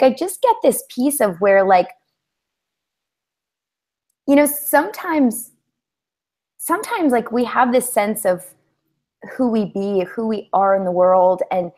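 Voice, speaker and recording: A woman hosting a coaching-style conversation, speaking in a meandering, reflective, gently affirming way. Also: on the high side. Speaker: host.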